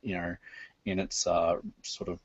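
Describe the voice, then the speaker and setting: A man's voice: deep voice, level tone, unhurried, husky, no room sound, muffled recording. A man as game master of a tabletop game, narrating hesitantly with many fillers over a voice call.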